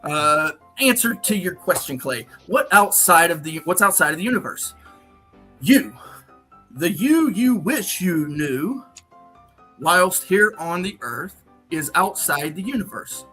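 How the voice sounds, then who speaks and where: A man's voice: on the high side, measured pace, breathy edge, soft background music. A man hosting a livestream, joking and laughing as he reads viewer super chats. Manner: animated, joking, laughs often. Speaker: livestream host. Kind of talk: casual livestream chat, reading super chats.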